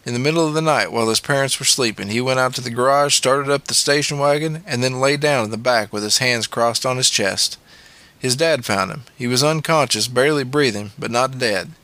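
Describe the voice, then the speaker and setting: Bright-voiced male audiobook narrator. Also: medium pitch, a little fast, no room sound.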